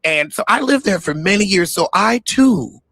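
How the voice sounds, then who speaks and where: A man's voice: high voice, animated, moderate pace, fairly bright tone, husky, no echo, clean studio sound. A man, hosting a reaction show, talking in a casual, mocking way and swearing freely. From the Bronx, New York. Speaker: host reacting to an interview.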